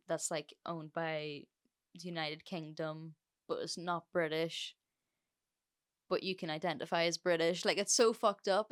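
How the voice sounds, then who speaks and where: A woman with a Northern Irish accent hosts her podcast alone. She talks casually and bluntly, padding sentences with fillers and swearing freely, in a slightly low voice. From Northern Ireland. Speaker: podcast host. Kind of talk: solo podcast talk.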